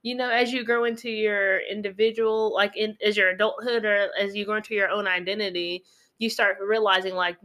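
Bright-voiced joking woman co-host. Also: mid-range voice, a little fast. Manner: animated, joking, laughs often. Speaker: podcast co-host. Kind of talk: casual chat.

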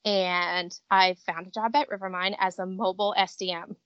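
A woman in her thirties, a company director, telling stories in a chatty, animated way as a guest in a casual interview. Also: medium pitch, moderate pace, clear, resonant tone, dry recording, highs cut off. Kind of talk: casual interview over a call. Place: vacation home with traffic outside.

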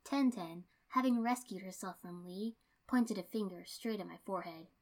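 Narrator: woman, calm first-person story reading, steady pace. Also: medium pitch, moderate pace. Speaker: reader.

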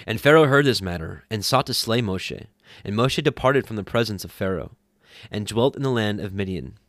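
Low-voiced man reading scripture aloud. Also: fairly quick, dry recording, studio quality. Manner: steady reading with small self-corrections. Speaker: scripture reader.

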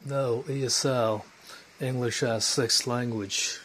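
A man speaks slowly and hesitantly in a casual chat, with plenty of ums and pauses. Faint noise runs under his voice. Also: mid-range voice, steady tone. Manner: hesitant, with many fillers.

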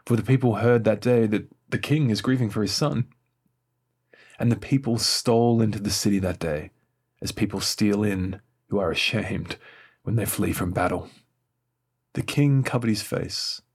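A man leading morning prayer, reading scripture aloud in a measured, solemn way and lifting his voice slightly for quoted speech. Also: on the low side, husky.

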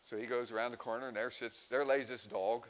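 A man's voice: mid-range voice, steady tone, low-quality recording. Church guy doing announcements, folksy, lots of uh's, plain middle voice. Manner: folksy, halting with many fillers. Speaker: church leader giving announcements. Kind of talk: church announcements and a told joke.

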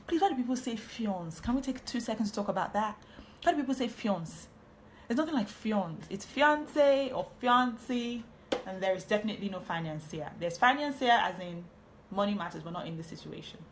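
A woman's voice: mid-range voice, a little hiss or hum. A woman, hosting a podcast and giving a casual, chatty Bible teaching on marriage, often drifting into asides.

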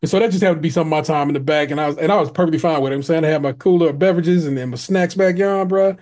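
A man's voice: a little high, very fast, a little mellow. A man co-hosting a podcast, telling a story in casual chat, laid-back with many restarts. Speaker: podcast co-host.

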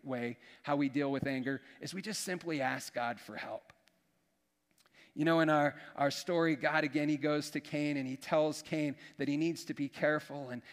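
A man preaching as a pastor, earnest and folksy, often restarting his words. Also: fairly high pitch. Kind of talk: sermon. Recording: long hall reverb.

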